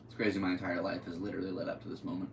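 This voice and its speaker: A low-voiced man from Connecticut rambles through a solo podcast, joking loosely. He sits away from the mic, so his voice echoes around his room. A faint hiss runs underneath. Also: flat delivery, racing, recorded from a distance. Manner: jokey, rambling, goofy. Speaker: podcast host.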